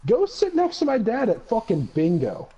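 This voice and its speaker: Bantering casually while streaming a game, this young man mocks his friends with profane pretend anger. His high voice swings hugely in pitch at a moderate pace, heard through dull lo-fi audio full of crowd noise.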